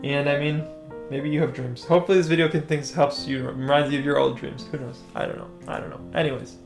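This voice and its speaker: A man's voice: a little high, flat delivery, quick pace, creaky, soft background music. A young man telling a story in a rambling, hesitant way, full of fillers and restarts. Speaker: storytime vlogger.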